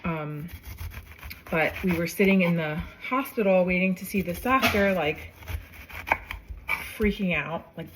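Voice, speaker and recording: A woman's voice: on the low side, a little slow, long pauses, background noise. Young woman rambling through a personal story. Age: young adult. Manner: rambling, self-correcting, many fillers. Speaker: vlogger. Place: home kitchen while cooking.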